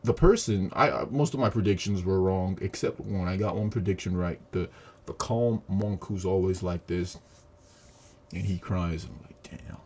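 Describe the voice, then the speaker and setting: A man giving a casual, profane, animated review of a movie he just saw. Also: low voice, normal speed. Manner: profane, animated retelling with acted quotes. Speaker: video reviewer. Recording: audio static.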